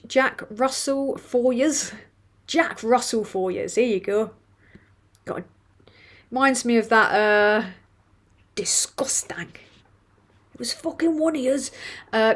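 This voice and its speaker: A woman hosting a casual live stream, reading chat comments aloud with swearing and laughter. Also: mid-range voice. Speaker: livestream host reading chat.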